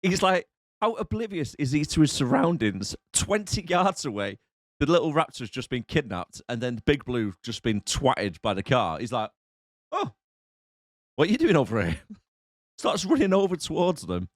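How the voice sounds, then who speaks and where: A man's voice: medium pitch, sing-song, moderate pace, dry recording, clean studio sound. A young man co-hosting a casual movie review podcast, recapping the plot and laughing often. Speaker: podcast co-host.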